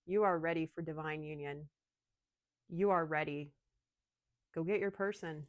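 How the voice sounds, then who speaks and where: A woman giving an emotional, excitable channeled tarot reading, speaking straight to her viewers. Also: deep voice, a little slow, no echo. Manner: emotional, excitable, addresses listeners as darling. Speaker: tarot reader.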